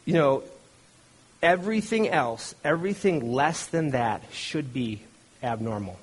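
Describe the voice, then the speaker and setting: A middle-aged pastor preaches a conversational sermon in a medium-pitched, breathy voice with lively intonation, speaking a little slowly. He retells a story loosely, restarting often and briefly acting out the voices he quotes.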